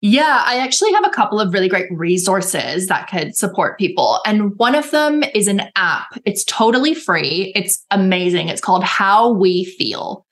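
A woman's voice: mid-range voice, very animated, moderate pace, hardly any pauses, a bit bright. A woman coach talking earnestly in a casual podcast conversation, often acting out her own inner dialogue in quoted voices. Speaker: guest coach.

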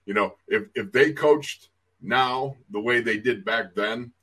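A man's voice: medium pitch, unhurried, bright, forceful tone, breathy edge. A man co-hosting a football podcast, telling old coaching stories with laughs and emphasis. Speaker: co-host, former player. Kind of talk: casual podcast chat.

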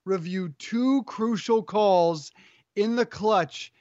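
A man hosting sports talk radio, upbeat and brisk, teasing his co-host. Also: high voice, darkish tone, no echo, dull audio.

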